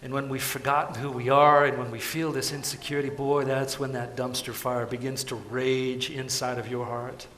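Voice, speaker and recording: A man's voice: mid-range voice, flat delivery, normal speed, few pauses. Impassioned preacher man in an echoey room. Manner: impassioned, swings from soft pleading to loud urgency. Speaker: pastor. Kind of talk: sermon.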